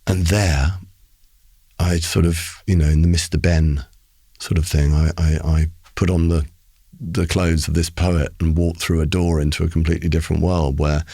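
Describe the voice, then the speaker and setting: A middle-aged male poet, a guest in a studio interview, telling an animated, theatrical story with many restarts and voices acted out. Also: a bass voice, moderate pace, slightly rough, no echo. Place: recording studio.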